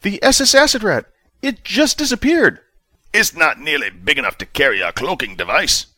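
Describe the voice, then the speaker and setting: A man voicing a nervous young male starship officer who gives strained, dutiful reports in a high voice. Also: sing-song, normal speed, bright, forceful tone, no echo, heavily acted. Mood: anxious.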